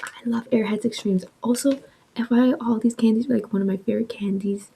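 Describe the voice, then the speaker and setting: A woman in her twenties telling a story in a chatty, animated way, filling her talk with "like" and swearing. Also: fairly high pitch, fast, gravelly, background noise. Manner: chatty, heavy use of "like", swearing, animated retelling. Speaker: vlogger. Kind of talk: casual storytime with soft ASMR eating.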